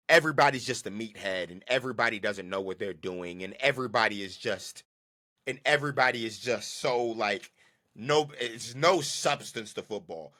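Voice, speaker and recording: Animated man ranting about football. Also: medium pitch. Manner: ranting, emphatic, repeats himself; slangy and casual. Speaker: podcast host. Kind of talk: solo football commentary.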